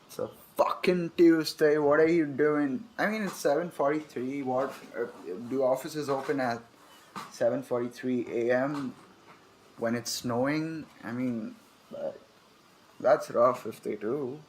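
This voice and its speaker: A young man in a casual let's-play, laid-back and profane as he reads quest notes and thinks aloud. His voice sits at a middle pitch. A faint hiss lies under the recording. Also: fairly even intonation, a little slow, darkish tone. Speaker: gamer playing through a game.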